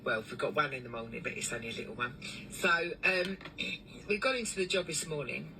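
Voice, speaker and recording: A woman who runs a cleaning business, telling a long story in a chatty, animated way with lots of fillers. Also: rumbling low, brisk, recorded from a distance, background noise. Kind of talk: casual storytelling vlog.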